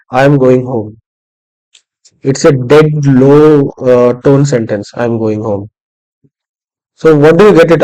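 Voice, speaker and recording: A man's voice: on the high side, darkish tone, poor audio. A man leading a live workshop on public speaking, talking conversationally and demonstrating intonation with examples to a room of listeners. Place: room with small audience.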